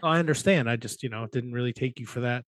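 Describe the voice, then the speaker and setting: A man's voice: mid-range voice, quick pace, fairly bright tone, no echo. A man co-hosting a podcast in casual wrestling chat, teasing and swearing freely. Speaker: podcast co-host.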